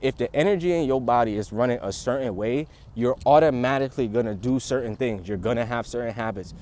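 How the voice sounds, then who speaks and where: A young man livestreaming outdoors, talking in a casual, rambling, profane and animated way, often laughing. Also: medium pitch, fast, a little hiss or hum. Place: outdoors in a city.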